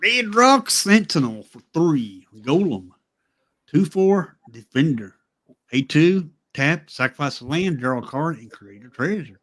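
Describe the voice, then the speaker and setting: A man's voice: on the high side, a little slow. A man with a Southern US accent reading aloud as a co-host in a casual podcast chat. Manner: reads aloud with a lively voice.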